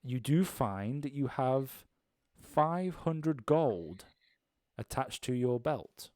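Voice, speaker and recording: A young man narrating an improvised tabletop game as game master, rambling with many pauses and restarts. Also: mid-range voice, lively intonation, darkish tone, dry recording.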